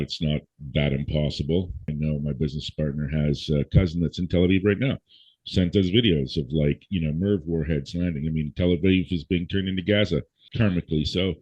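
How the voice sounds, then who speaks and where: A man's voice: rumbling low, a little mellow, slightly rough, no room sound. A man speaking as a guest in a blunt, profane, lecturing rant, hammering his points home with emphasis. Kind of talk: blunt ranting conversation. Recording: dull, dry lo-fi audio.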